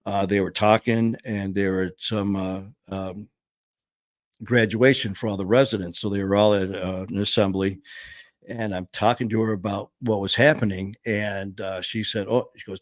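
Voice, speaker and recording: Middle-aged guy, kinda low voice, swears a lot telling a story, dry close mic. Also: moderate pace, dry recording. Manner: blunt, profane, animated storyteller. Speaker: podcast host. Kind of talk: casual storytelling.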